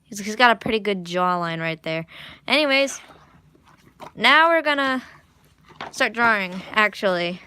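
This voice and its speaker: A woman's voice: mid-range voice, lively intonation, measured pace, pauses often, sharp tone, clean tone. A young woman chatting casually at home while drawing, rambling, restarting, and poking fun at herself. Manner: rambling, self-mocking, restarts often. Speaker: art vlogger. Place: living room at home.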